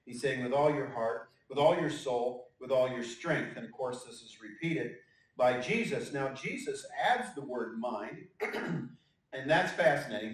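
A male pastor giving a conversational sermon with joking asides and frequent fillers. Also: medium pitch. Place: church sanctuary. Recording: echoey church hall, mic at a distance.

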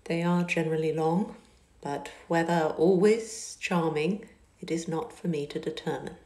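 A proud, reserved young gentleman who speaks in a low, quiet, clipped way, as a woman reads him in an audiobook. Her voice sits a little low for a woman, and the echoey car around her adds a boxy ring. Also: fairly even intonation, measured pace. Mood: cool.

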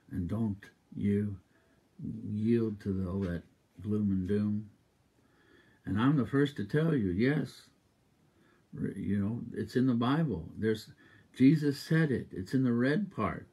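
A man preaching a sermon as a minister, exuberant and emphatic, repeating exhortations and breaking into loud rhythmic laughter. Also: on the low side, slightly rough.

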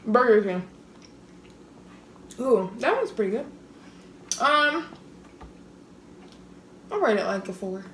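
Giggly woman, high voice, echoey room. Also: big pitch swings, slow, pauses often, fairly bright tone, slight background noise. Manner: giggly, hesitant guessing. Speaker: blindfolded taste tester. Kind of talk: casual chat.

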